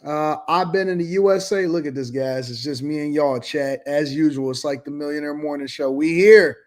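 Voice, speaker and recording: A man hosting a livestream, reading viewer comments aloud with quick casual asides. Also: on the high side, fairly even intonation. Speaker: livestream host reading chat.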